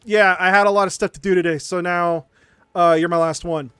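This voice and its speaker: A man quoting a blunt male cardiologist, speaking fast and offhand. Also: high voice, steady tone, a bit bright, clean tone, no echo.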